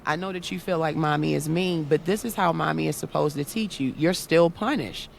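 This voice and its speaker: Earnest woman with a gravelly edge. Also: deep voice, a little fast, a little hiss or hum. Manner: earnest storytelling, acting out quoted voices. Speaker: guest, content creator and autism awareness activist. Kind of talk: casual interview talk.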